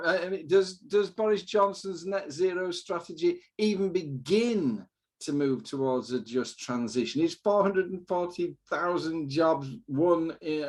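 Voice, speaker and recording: A man hosting a political panel, informal and joking, sometimes stumbling over his words. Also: fairly high pitch. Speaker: host.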